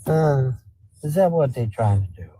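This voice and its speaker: A man's voice: medium pitch, expressive, measured pace, dark tone, soft background music. Man with a drawl streaming live. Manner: rambling, talks baby talk to his dog. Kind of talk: casual livestream chat. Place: home with a dog.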